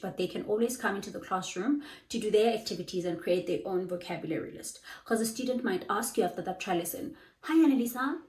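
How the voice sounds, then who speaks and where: A young South African woman with a lowish voice works as a bubbly online English tutor, giving casual teaching advice and acting out little dialogues. She sounds lively, though the recording is low quality and roomy.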